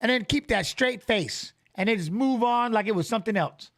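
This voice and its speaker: High-voiced excitable man hosting a live stream. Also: normal speed. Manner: excitable, repeats himself, greets viewers by name. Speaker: livestream host reading chat. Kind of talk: casual live-stream chat.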